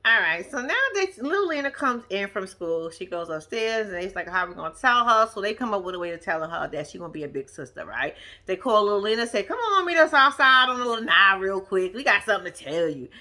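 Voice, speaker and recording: Woman, bright lively voice, chatty slangy TV recap vlogger. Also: mid-range voice, fast. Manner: animated, slangy, laughs often. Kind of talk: casual recap commentary.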